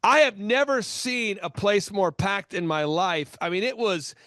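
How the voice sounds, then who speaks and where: High-voiced, emphatic male talk show host. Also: dry recording, studio quality. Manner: energetic, emphatic storyteller; fast bursts of speech. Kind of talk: business talk show interview.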